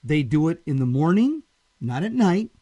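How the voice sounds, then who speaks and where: A man's voice: fairly high pitch, very animated, normal speed, warm tone. A man co-hosting a talk show, reading a story aloud and adding casual commentary between passages. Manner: reads aloud with dramatic emphasis on quoted lines. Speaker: co-host.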